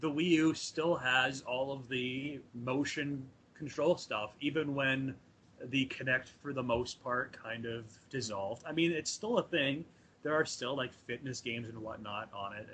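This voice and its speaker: A laid-back man chatting on a podcast over a video call. His voice is bright and forward, and his talk leans on "uh" and "like" as he goes. A faint hiss sits under his audio. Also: mid-range voice, fairly even intonation, a little slow, poor audio. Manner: laid-back, filler-heavy. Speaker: podcast panelist. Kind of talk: casual chat.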